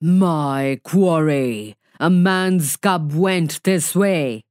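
A woman voicing a savage, arrogant male tiger in a read-aloud story, drawn-out and domineering. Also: low-pitched, a little mellow, dry recording, studio quality. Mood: menacing.

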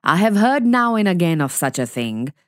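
A woman voicing a gruff, protective male wolf in a read-aloud story, speaking low with grunts. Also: sing-song, normal speed, no room sound, clean studio sound. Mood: stern.

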